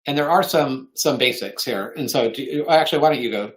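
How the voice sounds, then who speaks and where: Man, earnest webinar presenter, mid-pitched voice, clears throat now and then. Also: fairly quick. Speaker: co-author presenting on fundraising.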